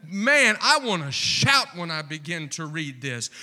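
A man preaching a sermon, slow and impassioned, building to fervent repeated refrains. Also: fairly high pitch, very animated. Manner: impassioned, rising to near-shouting with repeated refrains.

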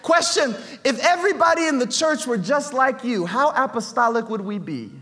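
A man preaching a sermon in a church, fervent and shouting at times, acting out what people say. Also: very high-pitched, lively intonation, normal speed. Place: church sanctuary.

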